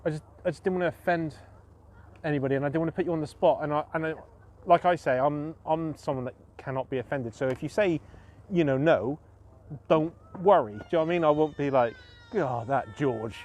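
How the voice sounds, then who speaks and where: A man's voice: on the high side, fast, a little mellow. A man chatting casually on his fishing live stream as host, self-mocking and full of fillers and restarts.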